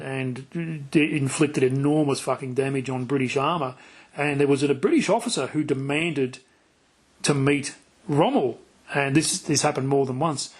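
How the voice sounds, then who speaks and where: A man's voice: fairly high pitch, slightly rough. A man hosting a casual podcast interview, rambling and swearing freely, with lots of restarts. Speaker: podcast host.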